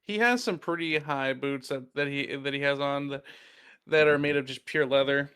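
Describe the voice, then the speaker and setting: A man playing a tabletop game as a player, talking in halting, hesitant bits. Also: medium pitch, a bit bright, smooth.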